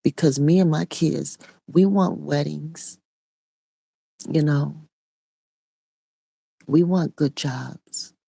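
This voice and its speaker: A woman's voice: sits low, steady tone, drawn-out words, gravelly, long pauses, warm tone, husky, dry recording. A middle-aged woman and online preacher giving an impassioned spoken testimony in a repetitive, raw preaching cadence.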